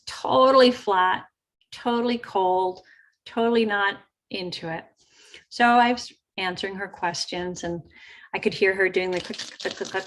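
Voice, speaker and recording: A woman hosting a show, telling a personal story in a chatty, lively way and acting out the quotes. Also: medium pitch. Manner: chatty, animated retelling with acted quotes. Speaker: host. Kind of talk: casual storytelling.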